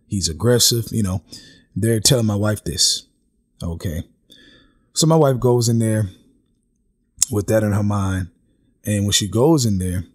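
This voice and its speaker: Husky man giving a spoken testimony. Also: lowish voice. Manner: earnest, repeats "okay?" and "man" for emphasis. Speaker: religious vlogger giving a testimony.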